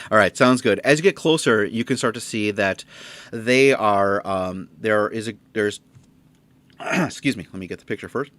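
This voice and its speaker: A man narrating a tabletop game as game master, halting with many fillers. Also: lowish voice, a bit bright.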